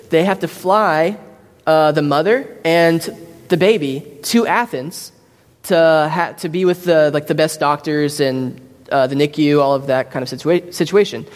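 A man's voice: fairly high pitch, in a large hall. A man preaching a sermon, telling stories in a casual, loose way with fillers and restarts. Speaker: pastor.

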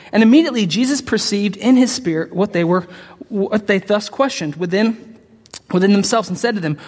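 A man preaching a sermon in a conversational way, breaking into sudden emphatic high-pitched bursts and often calling out to the congregation. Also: expressive, normal speed. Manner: frequent call-outs to the congregation. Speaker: pastor. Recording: long hall reverb.

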